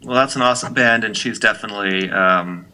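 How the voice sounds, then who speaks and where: A man's voice: on the low side, a little fast, pushed and bright, low-quality recording. A man co-hosting a music podcast in casual chat, talking in a chatty way with plenty of "um" and "you know". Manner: chatty, lots of fillers and restarts. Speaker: podcast co-host.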